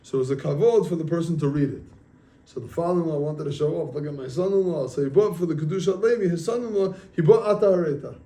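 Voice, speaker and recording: A man's voice: a little high, quick pace, mellow. A man, a rabbi, giving a casual sermon and telling stories, often checking with his listeners. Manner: conversational, asks listeners questions.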